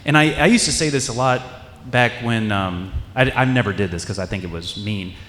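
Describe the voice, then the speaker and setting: Conversational preacher in an echoey hall. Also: male voice, on the low side, a little fast, fairly bright tone, slight background noise. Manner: conversational, acts out quoted voices, many restarts. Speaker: pastor. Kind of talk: sermon. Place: church sanctuary. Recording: echoey hall with long reverb.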